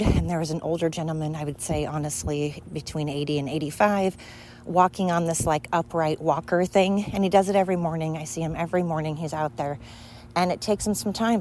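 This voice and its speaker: A woman's voice: low-pitched, darkish tone, poor audio. A woman hosting a casual solo podcast while out walking, a bit out of breath, rambling with many fillers and asides. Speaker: podcast host. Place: outdoors in a neighborhood. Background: leaf blower and street noise.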